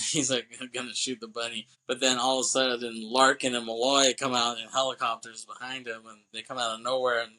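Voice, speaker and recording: A man's voice: mid-range voice, level tone, fairly quick, pushed and bright, poor audio. A man co-hosting a movie podcast, casually retelling a film's plot with lots of profanity and acted-out lines. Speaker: podcast co-host.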